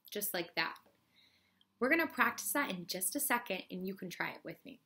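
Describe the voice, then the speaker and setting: A woman teaching a first grade phonics lesson in a slow, clear teaching voice, clapping out syllables. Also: mid-range voice, sing-song, bright, forceful tone.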